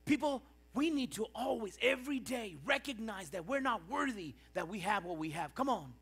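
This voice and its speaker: A middle-aged man preaches a sermon in a church, his voice sitting very high and ringing with a bright, sharp edge. He swings between quiet, reflective stretches and loud, impassioned bursts. A low mains hum runs under the recording. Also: lively intonation, normal speed, few pauses, husky. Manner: impassioned preaching with rising and falling intensity. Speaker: pastor.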